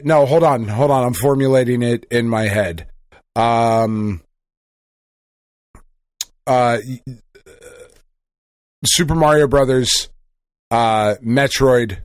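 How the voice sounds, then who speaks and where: A man's voice: medium pitch, dry recording, clean studio sound. Foul-mouthed man rambling through a story. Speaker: podcast co-host. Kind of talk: casual chat.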